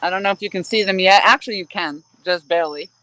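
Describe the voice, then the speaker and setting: A woman's voice: medium pitch, fast talker, sharp tone, rough recording. A woman hosting a fishing livestream from a riverbank, chatting casually and rambling cheerfully. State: out of breath. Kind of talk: casual live-stream chat. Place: outdoors on a riverbank at dusk, crickets behind.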